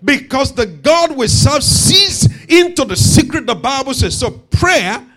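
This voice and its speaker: Male preacher, very high voice, lively pitch, slow emphatic sermon delivery with shouted peaks. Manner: emphatic, repeats phrases, swells to shouts.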